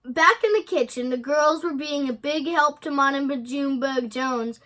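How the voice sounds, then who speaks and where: A woman reading a children's picture book aloud in an expressive way. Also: sits high, normal speed. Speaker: storybook reader.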